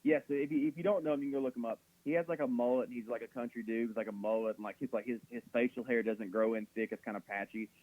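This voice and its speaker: A man's voice: mid-range voice, racing, hardly any pauses. A man hosting a radio comedy show, telling jokey stories in casual banter and acting out quotes. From American South. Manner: animated storyteller, acts out mocking quotes, laughs a lot. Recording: slightly dull radio broadcast audio.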